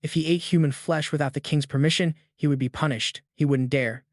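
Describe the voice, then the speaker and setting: Greedy elephant monster grunt, irritable and complaining, read by a man narrator with a slightly high voice. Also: fairly even intonation, brisk, dry recording, studio quality, natural voice. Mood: grumbling.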